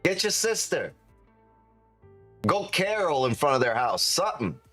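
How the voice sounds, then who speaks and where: A man's voice: on the high side, sing-song, measured pace, a bit bright, dry recording, soft background music. A man, a trading streamer, chatting casually on a live stream, swearing a lot, joking and laughing often.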